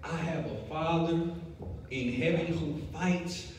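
A young man preaching a sermon, telling a lively story before building to emphatic preaching. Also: a little high, takes it slowly. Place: church sanctuary. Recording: echoey hall, distant mic, faint noise.

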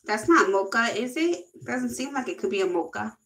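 A woman's voice: on the high side, lively intonation, moderate pace, fairly bright tone, a little hiss or hum, poor audio. A young woman gushing and giggling through a casual makeup haul video. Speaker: beauty vlogger.

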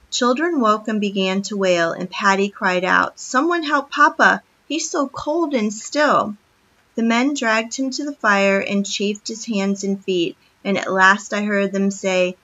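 A woman reads a children's book chapter aloud, telling it expressively at a steady pace. Her voice is bright and clear. The recording sounds dull and lo-fi. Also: mid-range voice. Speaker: storyteller.

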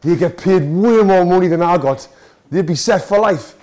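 A high, darkish male voice speaks at a normal speed, with no room sound. In his thirties, this boxing coach and vlogger from Sunderland, England, talks casually and emotionally in a Mackem accent while filming at a football stadium, chatting away and mocking himself.

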